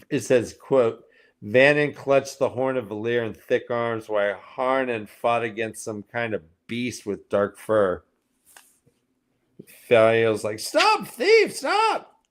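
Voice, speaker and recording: A man co-hosting a casual book-club show, recapping chapters with animated storytelling and jumping into high mocking character voices. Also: takes it slowly. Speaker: podcast co-host recapping chapters.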